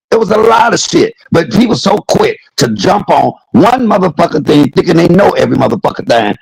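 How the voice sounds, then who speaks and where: A man in his fifties rants to his viewers in a gravelly voice. His pitch swings widely and his words come out husky, heated and full of curses, and he hammers the same points again and again. The sound is close and dry. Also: dry recording, rough recording. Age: 50s. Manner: heated, cursing, repeats points for emphasis. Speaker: vlogger. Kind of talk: angry profane rant to camera.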